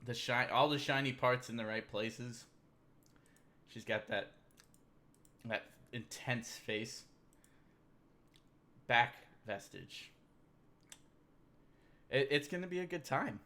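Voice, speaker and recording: A man's voice: mid-range voice, takes it slowly, pauses often, pushed and bright. A man hosting a casual livestream, rambling and joking about memes while drinking beer. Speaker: livestream host. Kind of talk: casual livestream meme commentary.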